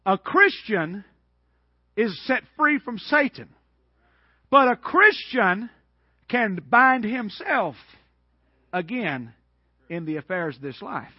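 High-voiced preacher. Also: male voice, big pitch swings, slow, long pauses, husky, no room sound, dull audio. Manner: folksy, emphatic preaching with frequent amens. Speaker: Baptist preacher. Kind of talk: sermon.

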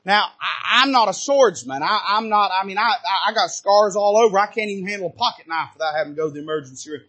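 A man preaching a sermon from a church pulpit, moving between quiet asides and loud, rising bursts of passion. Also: sits high, expressive, quick pace. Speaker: pastor. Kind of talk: fiery sermon.

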